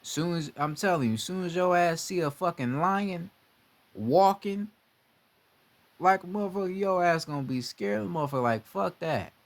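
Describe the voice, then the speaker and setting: Brief: young man, slightly high voice, casual profane rant, animated delivery. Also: normal speed. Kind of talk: casual monologue.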